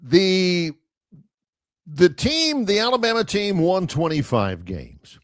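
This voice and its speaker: A male sports talk radio host debates with emphatic, argumentative energy, making his points through lively storytelling. His voice is high and his pace slow. The recording is clean studio sound with no echo.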